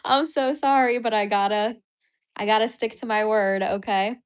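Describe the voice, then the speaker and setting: A woman's voice: fairly high pitch, moderate pace, clean tone. A woman comedian and podcaster chatting casually on a livestream, giddy and apologetic, gushing thanks to viewers and laughing often. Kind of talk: casual livestream chat reacting to donations.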